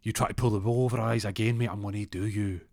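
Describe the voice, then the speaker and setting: A man's voice: lowish voice, steady tone, rapid-fire, creaky, a little mellow, no room sound, clean studio sound. A man voicing a menacing, boastful gangster. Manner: threatening, boastful. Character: menacing male Glasgow gangster with a knife.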